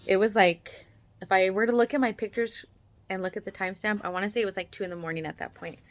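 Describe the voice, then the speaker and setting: A mother talks casually to the camera about something that happened to her, speaking quickly in a mid-range voice with a steady tone. Her chatty delivery is packed with "like," and she often imitates the voices of the people she quotes.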